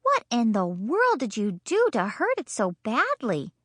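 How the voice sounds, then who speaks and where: A woman's voice: a little high, huge pitch swings, a little slow, fairly bright tone, no room sound, heavily acted. A woman voicing a patient mother who talks in a dry, suspicious, sarcastic way. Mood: worried.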